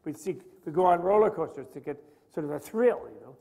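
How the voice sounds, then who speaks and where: A man's voice: a little high, animated, brisk, a little mellow. An older man lecturing on Buddhist philosophy, rambling and conversational, often checking in with his listeners. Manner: rambling, conversational, asks students questions. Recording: long reverb of a hall.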